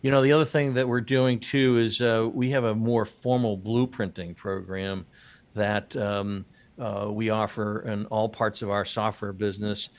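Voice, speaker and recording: A man's voice: fairly low pitch, flat delivery, normal speed. A man hosting a business podcast, chatting casually and joking, with many fillers and restarts. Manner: rambling, jokey, many fillers. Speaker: podcast host.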